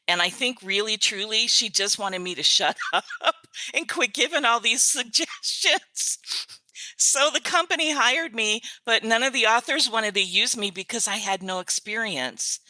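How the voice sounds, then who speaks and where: A woman's voice: medium pitch, pushed and bright, no echo. An older woman, a grandmother, chatting as an interview guest and telling stories with a ready laugh. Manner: chatty storyteller, quick to laugh. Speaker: author's virtual assistant, guest. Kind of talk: casual interview chat.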